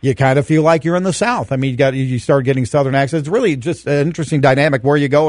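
A man's voice: medium pitch, darkish tone, dry recording. A man hosting a morning radio interview, eager and full of fillers. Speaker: radio host.

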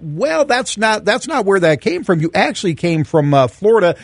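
A man's voice: on the high side, sing-song, a little fast, few pauses, no echo, clean studio sound. A man hosting a morning radio interview, eager and full of fillers. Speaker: radio host.

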